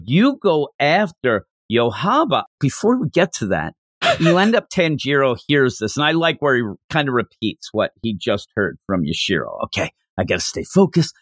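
A man hosting a casual podcast chat, animated and slipping into little acted-out lines. His voice sits at a middle pitch with a lively, swinging melody. The recording is close and dry. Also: dry recording. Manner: animated, acts out characters' lines in quotes. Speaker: podcast host.

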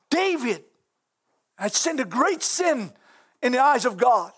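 High-voiced, fervent male preacher. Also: sing-song, slow, long pauses, breathy edge. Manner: impassioned, fervent exclamations, rising to shouts. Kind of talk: sermon.

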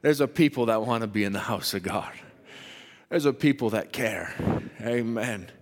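Preaching man in a reverberant church. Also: lowish voice. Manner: builds from quiet warmth to loud rising preaching; reads scripture slowly with heavy emphasis. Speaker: pastor. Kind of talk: sermon. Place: church sanctuary.

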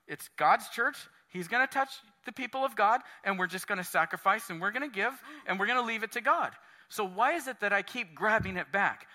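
Pastor guy preaching, high bright voice, earnest, big hall echo. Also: fairly quick. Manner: earnest, acts out prayers and quotes with shifting pitch. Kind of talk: sermon. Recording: long hall reverb.

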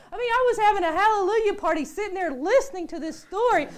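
A woman's voice: extremely high pitch, fast, hardly any pauses. A woman preaching a storytelling sermon, acting out the people she quotes. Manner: animated storyteller, acts out quotes.

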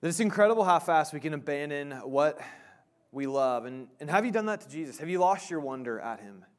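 A male pastor in his thirties gives a casual, halting sermon full of "um"s and restarts. His voice sits a bit high for a man. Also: lively intonation, smooth.

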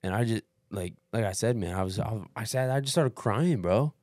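A podcast co-host recounts a long race story in casual chat, blunt, emphatic, and swearing constantly. His lowish voice is expressive and a little mellow at a moderate pace, with studio quality and no room sound.

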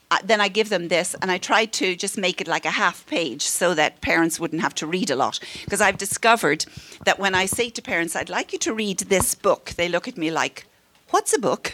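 Middle-aged woman counselor for a parenting class, friendly teaching voice, mid pitch, acts out quotes. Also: pushed and bright. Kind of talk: workshop talk to a live group.

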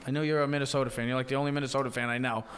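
A man's voice: mid-range voice, steady tone, fairly bright tone, slight background noise. A man co-hosting a sports show, giving opinionated picks in a casual debate. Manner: opinionated, talks in quick runs of names and picks.

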